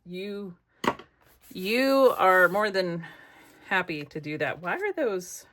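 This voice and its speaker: Chatty middle-aged American woman crafting vlogger, lowish voice, rambling casual storytelling. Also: big pitch swings, slow pace, a bit bright. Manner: chatty, rambling, muttering asides to herself.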